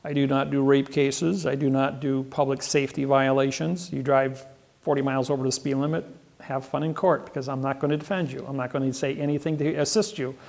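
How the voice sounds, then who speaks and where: A man's voice: mid-range voice, little pitch movement, a little fast, creaky, darkish tone. A man speaking at a seminar, telling boastful stories in a rambling way, often repeating his words. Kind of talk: seminar talk, storytelling to an audience. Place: seminar room.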